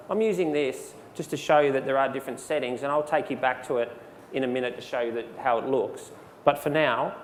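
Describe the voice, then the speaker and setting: Man, casual presenter, handheld microphone, lingering hall echo, faint hum behind. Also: mid-range voice. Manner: relaxed, conversational, with many fillers and restarts. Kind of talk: live software demonstration. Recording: long hall reverb, faint background noise.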